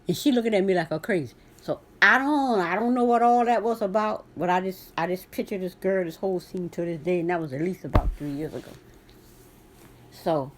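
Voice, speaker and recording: A woman's voice: medium pitch, a bit bright. A middle-aged woman, telling a story to camera in a blunt, sassy way. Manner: sassy, blunt, talks straight to viewer. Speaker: vlogger.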